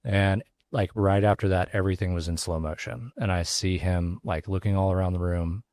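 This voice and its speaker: A man who runs a barbecue restaurant, telling a story as an interview guest, casual and halting with lots of fillers and restarts. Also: sits low, steady tone, darkish tone. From Texas. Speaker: pitmaster and restaurant owner, guest.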